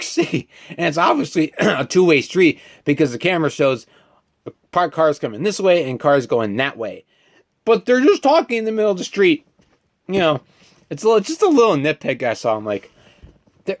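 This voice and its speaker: Young man, casual film review, lively swooping pitch, chatty with lots of fillers. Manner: animated and chatty, full of fillers and asides. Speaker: movie reviewer.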